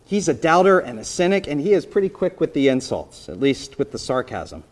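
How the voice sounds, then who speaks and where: A man preaching a sermon in a conversational storytelling manner, briefly acting out the people in the story and dropping to a soft voice for emphasis. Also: fairly high pitch, big pitch swings, fairly quick. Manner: conversational storytelling, voicing biblical characters, drops to soft emphasis. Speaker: pastor.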